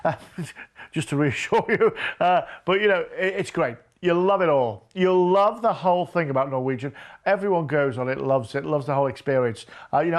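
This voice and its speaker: A man presenting cruise deals on a TV shopping channel, chatty and enthusiastic with folksy asides. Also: fairly high pitch. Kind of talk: TV shopping sales pitch.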